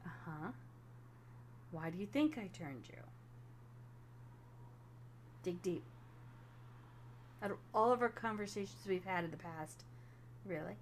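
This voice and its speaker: A woman narrating a tabletop vampire game as game master, animated and quick to laugh. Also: lowish voice, slight background noise.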